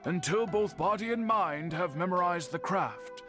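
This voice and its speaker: An actor playing an elderly, patient master bladesmith in a game, speaking in a measured, formal way. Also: male voice, high-pitched, expressive. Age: older. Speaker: game character. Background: game music.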